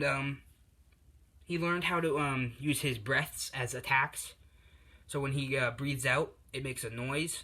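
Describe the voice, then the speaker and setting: A man's voice: mid-range voice, pushed and bright. Rambling man telling a fan story. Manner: rambling, many fillers and restarts. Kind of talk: casual fan-story narration.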